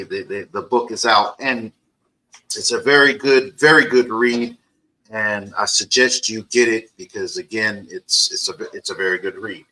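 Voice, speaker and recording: A man hosting a casual interview, animated and joking, often stumbling and repeating words. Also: medium pitch, rough recording. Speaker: interview host.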